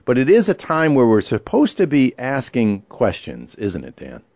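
Brief: man radio co-host, animated storyteller, dry slightly dull sound. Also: mid-range voice, normal speed, vocal fry, no room sound. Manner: animated, emphatic, chatty asides. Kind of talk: radio talk show chat. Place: radio studio.

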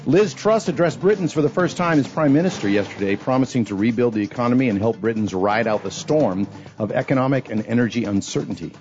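A man hosting a morning radio show, reading the news headlines in a brisk, even newsreader delivery. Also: medium pitch. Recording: dull lo-fi radio audio with music bed.

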